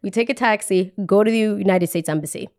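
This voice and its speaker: A woman tells a story on her podcast, in an animated and chatty voice. Her pitch sits in an ordinary middle range for a woman. She talks casually and lightly acts out the people she quotes. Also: quick pace. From New Jersey. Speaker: podcast host telling a story.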